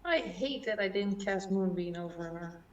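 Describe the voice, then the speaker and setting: A woman's voice: medium pitch, moderate pace, reverberant, recorded from a distance, dull audio, slight background noise. A woman playing a tabletop game, chatting playfully about her character's spell. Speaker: player. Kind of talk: casual tabletop play.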